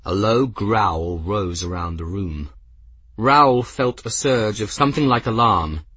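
A man reading a story aloud as narrator in a measured, even way. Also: fairly low pitch, husky, no room sound. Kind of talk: audiobook narration.

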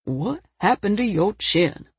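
A woman doing a folksy gravelly old man. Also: lively intonation, slow pace, no echo, exaggerated voice. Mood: concerned. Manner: folksy rural grammar, lowered voice. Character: folksy older man, gruff but caring.

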